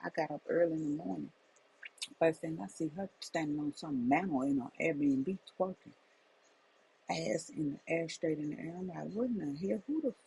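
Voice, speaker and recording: A woman's voice: low voice, fairly even intonation, normal speed, creaky, mellow, husky, rough recording. A middle-aged woman, a life coach, telling a personal testimony as a faith message in an emphatic, repetitive storytelling manner.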